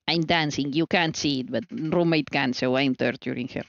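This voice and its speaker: Baking at home on a live stream, a woman chats casually and scatterbrained, teasing herself and talking to herself. Her low voice is steady, at normal speed with few pauses, in a dry, muffled recording.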